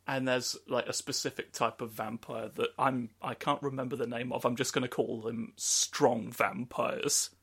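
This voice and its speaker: A man's voice: mid-range voice, steady tone, normal speed, few pauses, fairly bright tone, breathy edge. A man telling a rambling, joking story in a casual podcast chat. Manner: rambling, jokey storytelling with acted quotes. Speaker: podcast co-host. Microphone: studio microphone.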